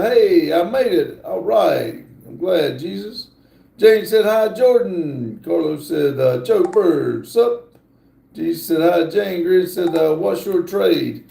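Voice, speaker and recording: Slow-drawling man with a gravelly voice. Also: high voice, dark tone, echoey room. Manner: slow, drawling, reads chat aloud with many fillers. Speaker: livestream host. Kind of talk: casual livestream chat reading comments.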